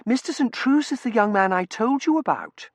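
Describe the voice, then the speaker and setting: A man's voice: very high-pitched, expressive, normal speed, no room sound, voice pushed up. A man voicing a gushing young Victorian woman who coos and dotes. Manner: cooing, doting.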